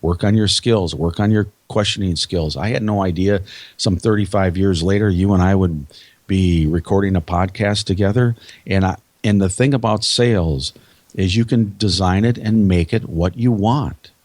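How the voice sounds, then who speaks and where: A man's voice: low-pitched, normal speed, a little mellow, no echo. A man with a Minnesotan accent, a sales trainer speaking as a podcast guest in an emphatic, motivational way, repeating his key phrases. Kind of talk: podcast interview.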